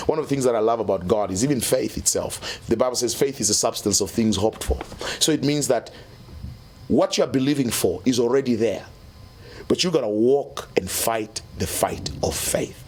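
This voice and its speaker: A male musician, a guest on an interview show, recounting his story in an animated way and often adding "man" and "you know". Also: medium pitch, a little fast, a little hiss or hum.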